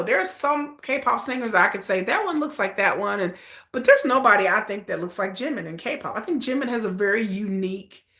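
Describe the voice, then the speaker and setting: A woman with a fairly low voice hosts a relaxed livestream, and the sound is reverberant. She chats animatedly with her viewers, laughing frequently and calling them "y'all."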